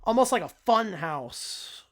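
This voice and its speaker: A man's voice: high-pitched, very animated, takes it slowly, fairly bright tone. A man co-hosting a podcast, chatting casually about horror films with frequent restarts and fillers. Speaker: podcast co-host. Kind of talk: casual film discussion.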